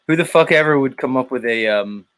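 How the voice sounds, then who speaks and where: A man's voice: mid-range voice, a bit bright, smooth. A man hosting a morning livestream in casual chat, reading out the chat, laughing a lot and swearing. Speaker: livestream host.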